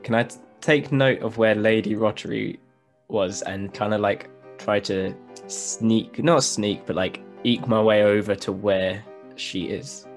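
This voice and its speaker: A man's voice: fairly low pitch, steady tone, measured pace, faint music behind. A man playing a tabletop game who talks in a hesitant, joking way and laughs easily. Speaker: player. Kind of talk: casual tabletop play.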